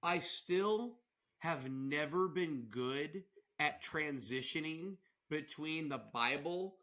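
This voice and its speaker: A young man co-hosting a podcast in casual chat, animated and rambling, often laughing and restarting his sentences. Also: a little high, slow pace. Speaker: podcast co-host.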